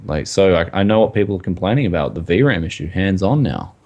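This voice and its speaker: A low-pitched man with a rough, gravelly voice, talking casually on a tech podcast. His pitch swings around a lot as he rambles, and his sentences are packed with "like" and "man". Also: big pitch swings, fast talker, a little mellow. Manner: rambling, full of likes and mans. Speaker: podcast co-host.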